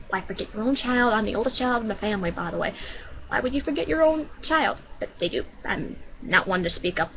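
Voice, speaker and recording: A woman's voice: mid-range voice, muffled recording, slight background noise. A woman vlogger from Michigan telling a personal story casually, rambling and often restarting her sentences.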